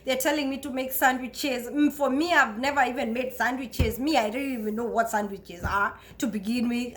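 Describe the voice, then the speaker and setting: A Kenyan woman with a high, light voice talks straight to her viewers in a loose, chatty vlog. She is expressive and restarts her sentences often, and laughter keeps bubbling into her storytelling. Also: normal speed, hardly any pauses. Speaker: vlogger. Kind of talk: casual storytelling to camera.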